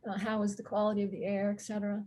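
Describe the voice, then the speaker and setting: A woman guest astrologer talking thoughtfully in an interview, with soft laughs and frequent pauses. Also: medium pitch, little pitch movement. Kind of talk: reflective interview talk.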